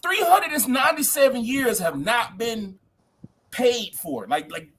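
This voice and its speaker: Podcast co-host, young man, high husky voice, lively heated slangy talk, acts out quotes. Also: measured pace. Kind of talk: casual heated podcast chat.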